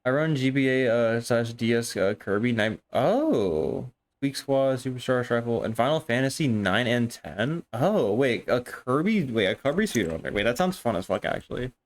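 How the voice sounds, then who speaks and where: A young man chatting casually on a live stream, excitable and rambling, swearing often and restarting his sentences. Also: medium pitch, moderate pace, hardly any pauses.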